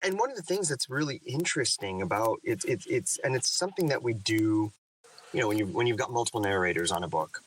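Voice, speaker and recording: Male audiobook narrator, bright tone, reflective and lively in conversation. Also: on the low side, quick pace, distant mic, a little hiss or hum, rough recording. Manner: thoughtful, animated. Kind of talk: reflective interview talk.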